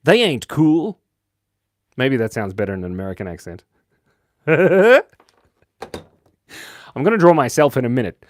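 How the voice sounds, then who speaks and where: A man's voice: mid-range voice, big pitch swings, moderate pace, long pauses, no echo, clean studio sound. A young Australian man hosting a casual drawing livestream, chatty and jokey, reading the chat aloud and laughing often. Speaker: livestream host and cartoonist.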